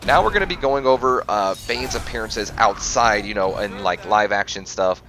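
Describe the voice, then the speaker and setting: A man's voice: lowish voice, moderate pace. A man hosting a game playthrough, reading facts aloud and often stumbling and correcting himself. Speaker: gaming channel host.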